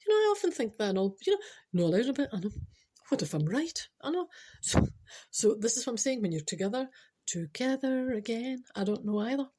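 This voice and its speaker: A Scottish woman hosting a podcast, telling a comic story with spiritual advice in a chatty, animated way full of teasing asides. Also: on the high side, brisk.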